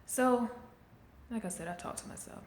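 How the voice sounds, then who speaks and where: A middle-aged woman vlogs into a handheld camera, her voice on the high side, darkish in tone, at normal speed, with slight hiss or hum. Speaking candidly, she coaches viewers in a casual, motivational way, in an echoey room with faint background ambience.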